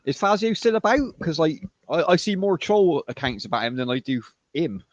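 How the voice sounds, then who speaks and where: A man's voice: a little high, big pitch swings, moderate pace, dry recording, muffled recording. A man hosting a casual chat over an online call, teasing and laughing along.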